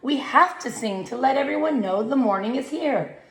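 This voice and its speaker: A woman's voice: high-pitched, expressive, normal speed, reverberant, voice pushed up. A woman playing a proud, bossy rooster. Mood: urgent. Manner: loud, urgent calls. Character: proud, kindly male rooster, bossy and eager.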